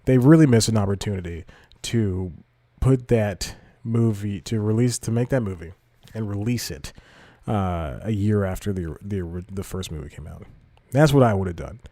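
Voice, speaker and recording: A man's voice: on the low side, moderate pace, hardly any pauses, dark tone, no echo. A young man hosting his own podcast, rambling loosely and restarting his sentences with self-mocking asides. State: slightly out of breath. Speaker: podcast host. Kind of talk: rambling solo podcast talk.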